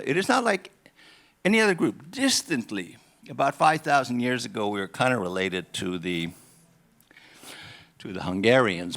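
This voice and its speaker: An older man from Estonia gives a keynote in a conference hall. His pitch sits in the ordinary middle range, and his delivery is loose and wry, full of self-corrections and asides. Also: fairly bright tone. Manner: conversational and wry, with many restarts. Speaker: keynote speaker. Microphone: handheld microphone.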